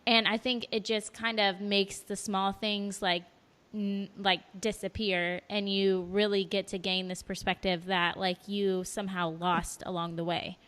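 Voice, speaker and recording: A woman hosts a podcast interview. She pauses often and fills the gaps with words as she thinks aloud. Her voice trails off into a long reverb. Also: medium pitch, level tone, fairly bright tone. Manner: halting, filler-heavy and reflective. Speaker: podcast host. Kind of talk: conversational interview.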